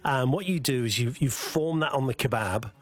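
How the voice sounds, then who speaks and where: Husky-voiced man chatting on radio. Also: mid-range voice, moderate pace. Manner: rambling, hesitant with many fillers. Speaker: guest chef. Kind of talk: casual radio cooking chat.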